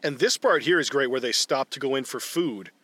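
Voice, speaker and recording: A man chats casually about a film, swearing freely as he retells scenes. His voice is bright and forceful, rising and falling a lot. The sound is dry and close. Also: mid-range voice, a little fast, no room sound. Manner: profane, animated retelling of scenes. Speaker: podcast co-host. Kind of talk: casual movie commentary chat.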